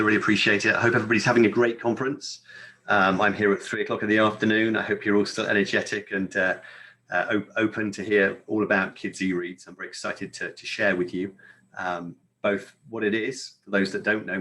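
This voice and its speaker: British man, low-pitched, chatty, filler-heavy, conference presenter. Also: pushed and bright. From United Kingdom. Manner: upbeat, chatty, with frequent fillers. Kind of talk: webinar presentation.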